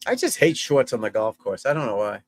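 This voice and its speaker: A man's voice: medium pitch, sing-song, brisk. Blunt, chatty male golf coach. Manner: blunt, profane, chatty, addresses viewers as folks and guys. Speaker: golf instructor hosting a livestream. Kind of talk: casual livestream commentary.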